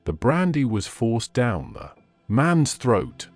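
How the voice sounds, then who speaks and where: A man reading a classic short story aloud as an audiobook narrator, measured and expressive. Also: medium pitch, no echo, soft background music.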